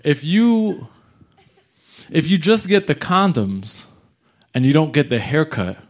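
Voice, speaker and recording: A young man from New York City telling a comic story live, animated and jumping into voices of the people in it. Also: on the high side, slow pace. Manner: animated, acts out other people's lines.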